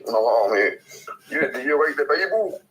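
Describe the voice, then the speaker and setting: A man's voice: mid-range voice, animated, a little slow, rough recording. Brash, swearing Scottish man. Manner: loud, crude and taunting, swears a lot. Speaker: stranger on a video chat. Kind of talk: provocative casual chat.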